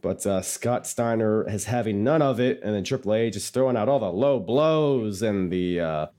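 A man's voice: on the low side, moderate pace, warm tone. A man co-hosting a casual podcast, rambling through a wrestling recap, self-mocking and laughing easily. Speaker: podcast co-host.

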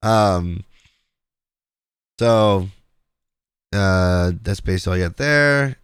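A podcast host with a low, expressive voice talks slowly through online drama, rambling along with plenty of fillers and restarts. The recording is studio quality, with a clean tone and no room sound.

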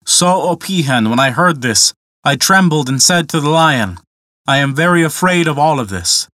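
A man's voice: a little high, animated, normal speed, bright, forceful tone, dry recording, clean studio sound. A man voicing a timid, frightened female duck telling her tale in a fable. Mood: fearful. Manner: anxious, confiding storytelling.

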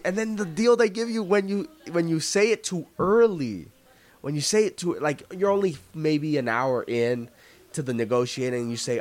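A man in his twenties, a guest on a casual podcast, telling stories in an animated, heavily profane way. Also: fairly high pitch, normal speed.

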